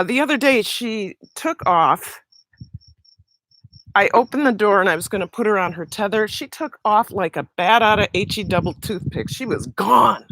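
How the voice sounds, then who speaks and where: A woman's voice: mid-range voice, a bit bright, no echo, low-quality recording. A woman chatting casually on a live stream while walking around outside, recovering from a sore throat, greeting viewers by name. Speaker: vlog host on a livestream. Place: outdoors around a house in summer.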